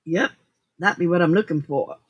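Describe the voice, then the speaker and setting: A woman's voice: lowish voice, normal speed, husky. A woman hosting a late-night crafting livestream, chatty and giggly as she talks through each step at her craft table at home. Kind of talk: casual chat while crafting.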